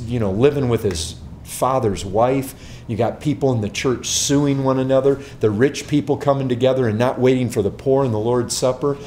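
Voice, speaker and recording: A man's voice: mid-range voice, a little mellow, a little hiss or hum. Emphatic male pastor teaching a group. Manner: emphatic, repeats words, asks rhetorical questions. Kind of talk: answering a question before a group.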